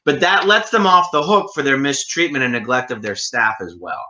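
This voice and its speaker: A man's voice: medium pitch, very animated, normal speed, pushed and bright, muffled recording. A man hosting a casual conversation, giving reflective, analytical commentary. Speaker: host.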